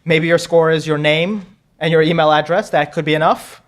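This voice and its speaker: A man's voice: fairly high pitch, steady tone, moderate pace. Joking man hosting a live quiz. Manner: joking, chatty, repeats himself. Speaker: quiz host. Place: conference room with audience.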